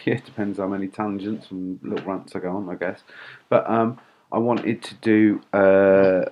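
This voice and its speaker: A man's voice: sits low, darkish tone. A man vlogging in a rambling, indignant way, swearing and laughing wryly between fillers. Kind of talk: casual ranting monologue.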